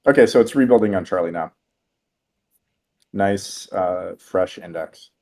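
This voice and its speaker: A man co-hosting a livestream who talks bluntly, swears freely and thinks out loud. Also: sits low, unhurried, creaky. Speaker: developer co-host. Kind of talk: casual livestream chat.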